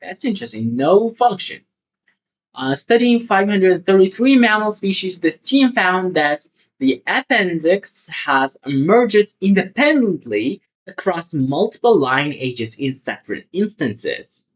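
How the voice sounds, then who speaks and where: Lively lo-fi male test-prep tutor. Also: high voice, a little slow. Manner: thinking aloud, informal, frequent "like" and "uh", rhetorical "right?". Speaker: SAT tutor. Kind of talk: test-prep lesson, reading questions aloud and explaining.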